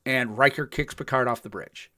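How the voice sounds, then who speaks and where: Brief: older male podcast host, mid-pitched, lively recaps with acted-out quotes. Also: normal speed. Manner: animated storytelling, acts out quotes. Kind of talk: casual podcast chat.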